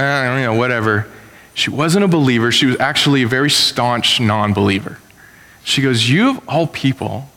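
A male pastor giving a conversational sermon, telling stories and sometimes jumping up sharply in pitch. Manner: conversational storytelling, animated with sudden pitch jumps. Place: church. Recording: long reverb of a church hall.

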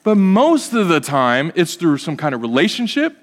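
A man's voice: a little high, moderate pace. Man preaching a sermon in an echoing hall. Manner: conversational, animated preaching with asides and humor. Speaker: pastor.

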